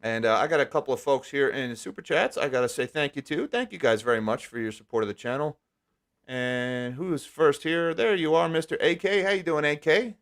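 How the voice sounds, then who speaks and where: A man hosting a live stream, talking casually and wryly, with quick sarcastic asides. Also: fairly high pitch, a bit bright. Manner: chatty, wry, quick asides. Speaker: livestream host.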